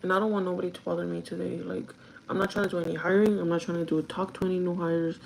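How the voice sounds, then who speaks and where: A woman's voice: on the low side, flat delivery, very fast, gravelly, a little mellow, a little hiss or hum, poor audio. A young woman chatting casually while getting ready, cursing freely and laughing often. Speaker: vlogger. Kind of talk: casual get-ready-with-me chat.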